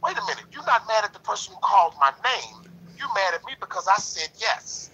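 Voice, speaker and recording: In a low-quality recording of a lodge discussion, a man talks passionately but casually, preachy and emphatic, repeating himself and leaning on "you know." His voice sits high and is very animated and brisk, with a sharp tone and a breathy edge.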